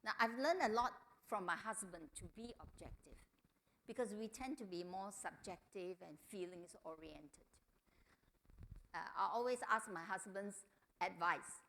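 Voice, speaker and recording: A middle-aged woman giving a family seminar talk, telling stories and acting out quotes in a higher voice. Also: unhurried. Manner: animated storytelling, acts out quotes in a higher voice. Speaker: seminar speaker.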